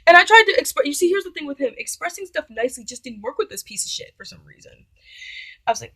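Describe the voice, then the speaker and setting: A woman's voice: sits high, sing-song, fast, fairly bright tone, dry recording. A young woman telling a personal story casually, bluntly and indignantly, with plenty of swearing and acted-out quotes of both sides. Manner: blunt, profane, indignant retelling with quoted dialogue.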